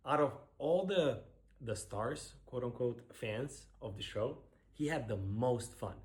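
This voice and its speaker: A man's voice: medium pitch, lively intonation, slow pace, a little mellow. Blunt, sarcastic man reacting to dancing. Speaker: professional ballroom dancer reacting to a show. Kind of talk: casual reaction commentary.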